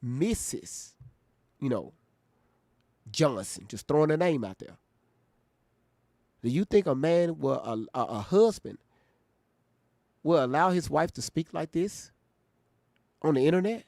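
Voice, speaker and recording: A man's voice: on the high side, big pitch swings, measured pace, long pauses, a little mellow, no room sound, clean studio sound. Casual male stream host reacting. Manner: talks to his viewers, emphatic and informal. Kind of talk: casual live-stream commentary.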